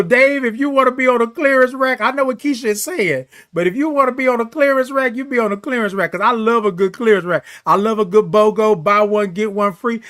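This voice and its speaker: On his morning live show, a middle-aged male host with a high-pitched, somewhat bright voice preaches an emphatic pep talk. He repeats his key phrases and reads comments from viewers.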